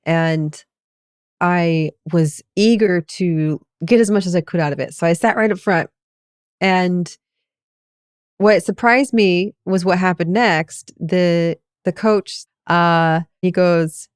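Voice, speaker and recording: A woman's voice: fairly low pitch, slow pace, smooth, no room sound, clean studio sound. A woman co-hosting a podcast as a meditation coach, telling a personal story in a reflective, casual way.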